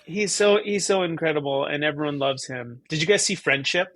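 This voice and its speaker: Bright-voiced man rambling casually. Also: fairly high pitch, a little fast, dry recording. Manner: rambling, stop-start, self-deprecating. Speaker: podcast guest, musician. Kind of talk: casual conversation.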